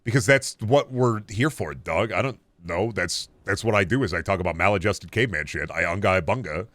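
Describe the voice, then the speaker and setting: Young man, game streamer, casual profane rambling, jumpy pitch, dry close mic. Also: fairly quick, fairly bright tone, no echo. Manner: rambling and profane, reacting to chat; pitch leaps up and down often. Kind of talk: casual live-stream chat while gaming.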